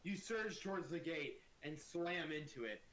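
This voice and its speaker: Casual male game master, bright voice, loose profane narration. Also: on the high side, expressive, normal speed, poor audio.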